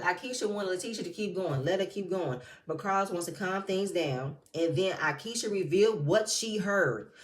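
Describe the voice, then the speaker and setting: A woman's voice: fairly low pitch, reverberant, recorded from a distance. Blunt woman recapping reality TV. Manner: blunt, profane, heated. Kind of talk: casual commentary.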